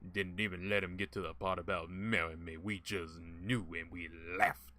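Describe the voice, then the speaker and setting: A man's voice: low-pitched, steady tone, normal speed, bright, forceful tone. A man voicing a woman who fondly recalls a marriage proposal, reading aloud in a put-on accent. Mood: wistful.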